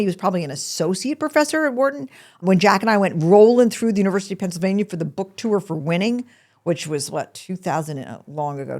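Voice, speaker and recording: A middle-aged woman hosts a podcast in a casual, chatty style, her voice sitting a little low. She talks in an animated rush, frequently breaking off mid-sentence to start a new thought.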